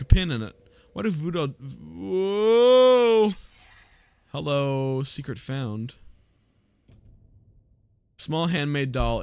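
A man's voice: a little high, a little mellow, clear, resonant tone, no echo. A man casually commenting as he plays a horror video game, joking, swearing and reading lines aloud. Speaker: gaming streamer. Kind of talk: casual let's play commentary.

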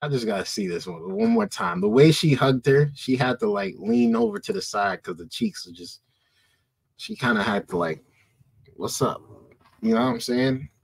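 A man hosting a reaction video, commenting in an animated, joking way. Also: medium pitch, normal speed, creaky, breathy edge.

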